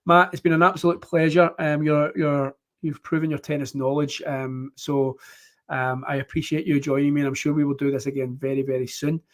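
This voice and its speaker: A man's voice: fairly high pitch, little pitch movement, a little fast. Chatty man hosting. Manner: chatty, rambling with many ums. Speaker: host. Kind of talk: casual live-stream chat.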